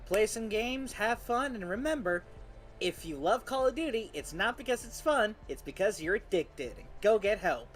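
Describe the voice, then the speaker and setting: A man's voice: high voice, expressive, normal speed, a crowd in the background. A man co-hosting a casual gaming podcast, making dry jokes. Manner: joking, dry quips. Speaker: podcast co-host.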